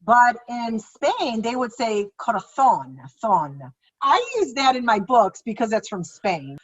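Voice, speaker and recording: A woman children's author chatting casually on a podcast, telling stories in an animated, excitable way and acting out her own past reactions. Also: a little high, unhurried. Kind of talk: casual conversational storytelling. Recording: slightly muffled, dull podcast recording.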